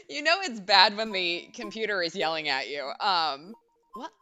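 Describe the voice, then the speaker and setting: A young woman streamer chats while she plays, nervous and babbling with plenty of fillers. Her pitch sits mid-range but moves in a lively way, and game music plays clearly behind her. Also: moderate pace. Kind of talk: casual let's-play chat.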